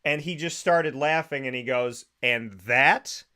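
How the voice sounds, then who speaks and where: A man hosting a casual podcast, telling a story in a lively, animated way and laughing as he goes. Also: on the high side, normal speed. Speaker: podcast host. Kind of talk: casual chat.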